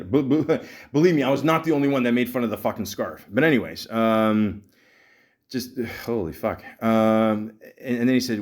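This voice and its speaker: A man hosting a podcast, telling a long story in a rambling, exasperated way, stumbling over repeated words and swearing often. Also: mid-range voice. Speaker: podcast host. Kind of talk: casual storytelling monologue.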